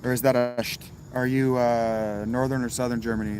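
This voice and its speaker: A man's voice: mid-range voice, level tone, moderate pace. Man, livestream host, laid-back chat with viewers, wry, swears now and then, noisy crickets behind.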